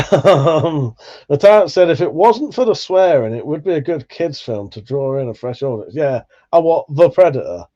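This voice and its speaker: Guy reading chat on a stream, swears a lot, mellow tone, kinda muffled audio. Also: fairly high pitch, lively intonation, a little slow. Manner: chatty, swears freely, laughs at himself. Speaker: livestream host. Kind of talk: casual chat reading out viewer comments.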